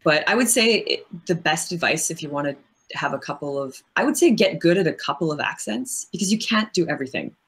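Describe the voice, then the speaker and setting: A woman's voice: deep voice, animated, brisk. A woman voice actress as an interview guest, explaining her craft at length in a thoughtful, casual way with frequent fillers.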